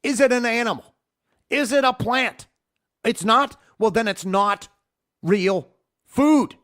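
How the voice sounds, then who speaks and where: A man's voice: very high voice, takes it slowly, a bit bright. A man hosting a podcast, delivering a heated, profane rant. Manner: profane, heated, emphatic ranting. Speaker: podcast host. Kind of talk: ranting podcast monologue. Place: home podcast studio.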